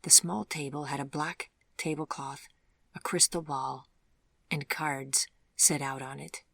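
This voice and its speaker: A woman narrating a fairy-tale audiobook in a measured, even storytelling manner. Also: low voice, creaky, no room sound, clean studio sound. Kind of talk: scripted narration.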